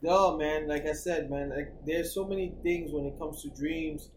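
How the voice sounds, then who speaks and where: A man's voice: a little high, fairly even intonation, normal speed. A man co-hosting a podcast in casual, profane chat, acting out his own thoughts in a raised voice. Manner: profane, acts out quotes in a raised voice. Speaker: podcast co-host. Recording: echoey room with noise.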